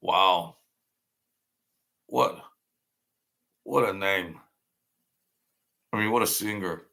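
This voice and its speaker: Slow, bright-voiced rambling man. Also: low-pitched, vocal fry. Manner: meandering, trails off and restarts, nostalgic. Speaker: livestream host. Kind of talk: rambling casual storytelling.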